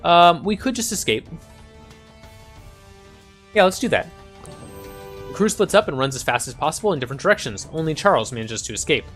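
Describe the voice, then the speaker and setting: Man, casual game commentary, chatty, animated pitch, faint music behind. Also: brisk, pauses often. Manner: chatty, reads game text aloud. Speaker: gaming channel host. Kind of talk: casual let's-play commentary.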